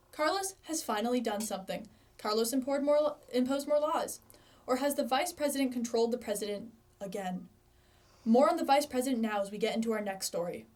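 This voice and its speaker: A woman anchoring a student mock news broadcast, reading headlines in a steady scripted way. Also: fairly high pitch.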